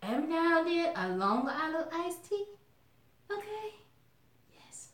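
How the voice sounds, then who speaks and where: A woman's voice: very high-pitched, normal speed. A woman from Alabama with a Southern accent, chatting casually and sassily to her viewers in a vlog. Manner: chatty, sassy, animated, calls viewers y'all. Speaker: mukbang vlogger. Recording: echoey room.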